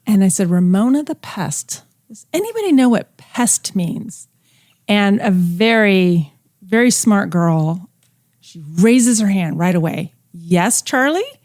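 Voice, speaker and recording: A woman's voice: medium pitch, takes it slowly, no room sound, studio quality. A woman teacher co-hosting a podcast, telling classroom stories expressively and acting out the quotes. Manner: expressive storyteller, acts out quotes. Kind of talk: casual podcast chat.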